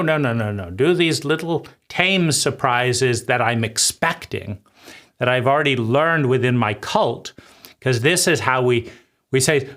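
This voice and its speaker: Guy giving a thoughtful talk, chatty, answers his own questions, keeps saying right?, mid-pitched voice. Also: fairly bright tone. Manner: conversational, keeps asking "right?"; poses rhetorical questions and answers them. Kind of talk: reflective spoken lecture.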